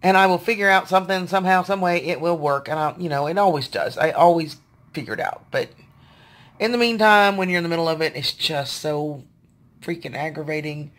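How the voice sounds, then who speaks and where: A woman's voice: fairly low pitch, fairly quick. A woman, venting to her viewers in a casual video diary, sounding tired and frustrated. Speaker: vlogger.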